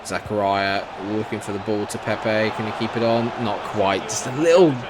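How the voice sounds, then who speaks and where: A man giving live commentary over his own football video game, swinging between frustrated grumbling and excited shouts. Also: fairly low pitch, moderate pace, background noise. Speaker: gaming YouTuber.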